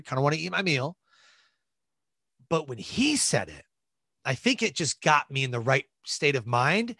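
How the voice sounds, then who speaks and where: Middle-aged male guest, animated storyteller, bright voice, dry recording. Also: fairly high pitch, no echo. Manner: animated, laughs and quotes people in lively voices. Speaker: podcast guest. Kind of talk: storytelling in a casual interview.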